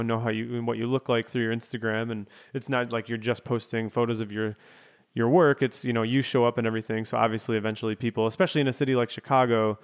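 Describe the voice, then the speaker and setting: A man's voice: medium pitch, smooth. A man hosting a casual interview, asking long, winding, thoughtful questions. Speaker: podcast host.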